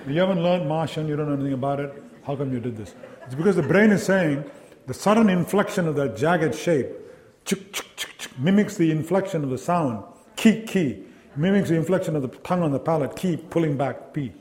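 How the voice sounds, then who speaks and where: Man giving a lively lecture. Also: a little high, fast talker. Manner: lively, engaging, asks the audience questions; acts out sounds and quoted voices. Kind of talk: academic lecture to a live audience.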